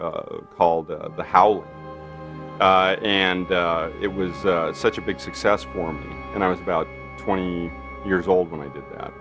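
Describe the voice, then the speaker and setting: A man recounts an old story in an interview, stumbling through fillers and acting out the lines of others. His voice sits fairly low. Faint music plays beneath him. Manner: rambling, acts out quotes, many fillers. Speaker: special effects artist. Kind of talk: interview anecdote.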